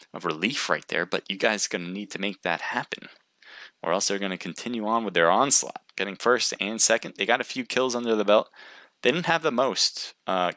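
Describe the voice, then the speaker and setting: A male streamer with a very low, gravelly voice that still has a bright, forceful edge. He chats casually with his viewers, rambling and restarting as he thinks aloud, in a dry, close sound. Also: dry recording. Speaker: livestream caster.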